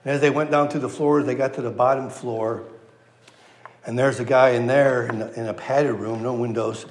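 A man's voice: mid-range voice, steady tone, moderate pace, echoey room. A man delivering a sermon in an easy, folksy style. He leans on repeated phrases to drive points home. His voice tends to fall away at the close of each phrase. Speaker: pastor. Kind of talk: sermon with a joke.

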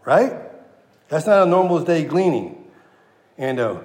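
A man preaching a sermon, animated, acting out the lines he quotes with plenty of inflection. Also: fairly high pitch, measured pace, long reverb tail.

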